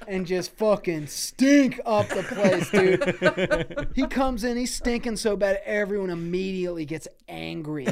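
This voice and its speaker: A man on a comedy podcast telling an improvised, profane story in loose slang. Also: fairly high pitch. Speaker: podcast co-host.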